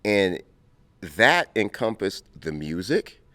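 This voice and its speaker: Low-voiced, lively man in his fifties. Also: slow, no echo. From Compton, California. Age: 50s. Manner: animated, laughing storyteller who acts out scenes. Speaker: guest. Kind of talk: casual interview storytelling.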